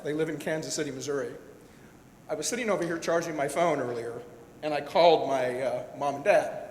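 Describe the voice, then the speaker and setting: A man with a slightly high voice tells an audience a heartfelt personal story, rambling and restarting, and at times audibly moved. The sound echoes around a large hall, with a faint rumble underneath. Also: fairly quick, a little mellow. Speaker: event speaker, director-producer. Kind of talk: candid speech to an audience.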